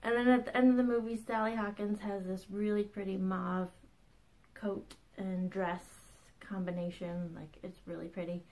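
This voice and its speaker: A woman's voice: mid-range voice, little pitch movement, moderate pace, a little mellow, poor audio. Chatty woman hosting a craft podcast. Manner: chatty, laughs often, bubbly asides. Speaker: podcast host. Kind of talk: casual chat.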